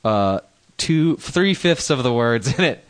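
A man's voice: mid-range voice, expressive, takes it slowly. A man co-hosting a crude comedy podcast, chatting casually, laughing often and reading listener mail aloud with mock emphasis. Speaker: podcast co-host.

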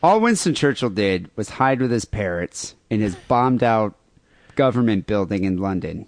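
A man's voice: fairly low pitch, big pitch swings, normal speed, no echo. A man co-hosting a crude podcast, reading listener emails and rambling sarcastically. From United States. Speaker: podcast co-host.

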